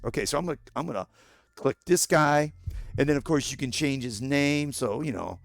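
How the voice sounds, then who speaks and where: A man with a sore throat and a gravelly voice, walking through a video game casually and bluntly, explaining each step. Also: medium pitch, moderate pace. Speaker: gaming YouTuber. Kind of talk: casual gameplay walkthrough.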